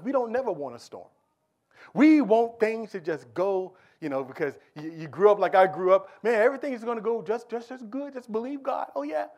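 Male preacher with a high voice and a dramatic sermon, dropping to a hush and rising to near-shouts. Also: moderate pace. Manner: rhetorical questions, repetitions.

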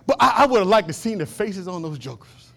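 A male pastor with a notably high voice preaches to his congregation in a church. He repeats short calls to action and swings between loud, driving emphasis and quiet, low asides. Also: very animated, brisk, gravelly. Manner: preaching with rising and falling intensity, repeating short exhortations. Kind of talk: sermon.

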